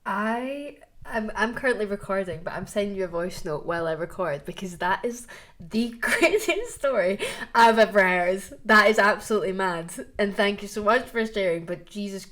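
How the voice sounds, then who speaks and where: A woman hosting a chatty podcast reacts to a listener's tale with laughter and open disbelief. Her voice sits at an ordinary middle pitch. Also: animated, normal speed, fairly bright tone. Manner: laughing, incredulous. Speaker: podcast host. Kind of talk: casual chat reacting to stories.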